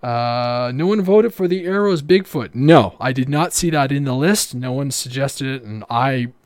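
A man's voice: medium pitch, moderate pace, dry recording. Man, livestream host, casual rambling chat, lots of fillers and restarts, close dry sound.

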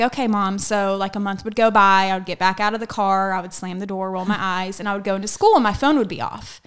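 A young woman with a mid-range, slightly bright voice that sounds clear and resonant chats casually as a guest. She's a salon colorist, and she tells upbeat stories about working with her mother, dotted with small laughs.

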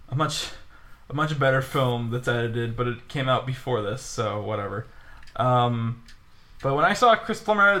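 Bright-voiced, laughing podcast co-host. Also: male voice, medium pitch. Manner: laughs often, quick asides. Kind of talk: casual podcast chat.

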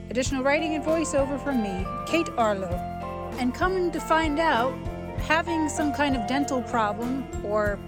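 A woman's voice: sits high, animated, moderate pace, over loud music. A woman hosting a podcast who reads the credits and drifts into joking, self-deprecating asides, talking with a sore jaw that she can barely open. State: struggling to open her mouth. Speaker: podcast host reading credits. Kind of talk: casual, rambling credits read.

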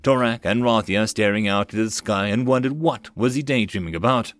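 A man narrating a web novel audiobook in a plain, even reading voice. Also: lowish voice, brisk, no room sound, studio quality.

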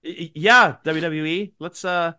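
A man with a nasal, congested voice from a cold, chatting loosely on a podcast. His voice sits a bit higher than most men's. He talks in a rambling, grateful way. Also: unhurried, bright, forceful tone, clear, resonant tone. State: sick with a cold. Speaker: podcast co-host. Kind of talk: casual chat.

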